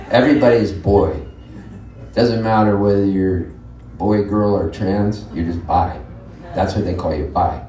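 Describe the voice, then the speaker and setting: Slow, low-voiced man joking onstage. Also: a crowd in the background, noisy background. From Canada. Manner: joking, chatty storyteller. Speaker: touring singer-songwriter. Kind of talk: live stage banter between songs. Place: live music venue. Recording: roomy live room, distant mic, guitar under speech.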